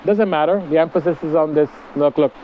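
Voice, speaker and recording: A somewhat high-voiced man chats to his camera out on a deck, wandering from thought to thought with plenty of ums. The sound is dull and lo-fi, with faint outdoor noise behind him. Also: brisk. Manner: meandering, chatty, many fillers. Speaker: spiritual vlogger. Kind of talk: casual spiritual vlog.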